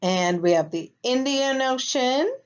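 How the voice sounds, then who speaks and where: A woman gives a recorded lesson to young children at an unhurried, careful pace. She speaks patiently and keeps checking that her students are following. The recording sounds a little dull and lo-fi. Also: high voice, expressive, clear, resonant tone. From United States. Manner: patient, slow, checks in with "okay?". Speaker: first grade teacher.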